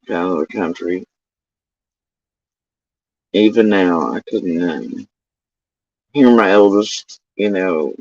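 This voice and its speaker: A middle-aged man livestreaming casual, meandering chat, often swearing. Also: on the low side. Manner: profane, meandering, drawn-out. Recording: dull lo-fi dry sound.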